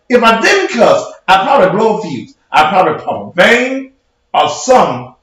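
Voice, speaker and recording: Profane, combative preacher, very echoey room. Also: male voice, high voice, a bit bright. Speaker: preacher and show host. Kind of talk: heated livestream rant.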